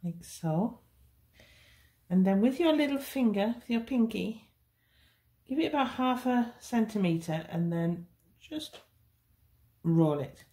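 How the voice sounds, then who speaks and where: Slow, soft-spoken woman teaching cake figures. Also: mid-range voice, lively intonation. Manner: slow, chatty, reassuring. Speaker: cake decorating tutor. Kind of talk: hands-on baking tutorial.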